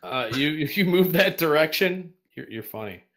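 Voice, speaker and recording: Halting male game master. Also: a little high, lively intonation, fairly bright tone. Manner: halting, many fillers and restarts. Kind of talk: running a tabletop game over voice chat.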